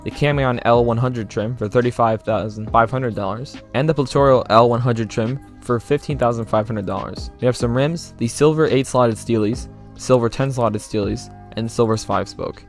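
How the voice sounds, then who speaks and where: A man hosting a gaming channel, giving a plain, steady commentary that walks through car features. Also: medium pitch, moderate pace. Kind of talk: gameplay commentary. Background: faint background music.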